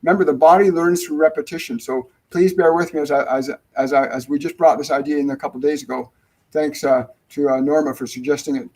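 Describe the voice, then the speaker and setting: On a rough recording, a middle-aged man with a slightly high voice runs a home live-stream answering spiritual questions as medium and host. His intonation stays fairly even and his pace quick while he rambles warmly, restarts sentences and repeats key phrases for emphasis.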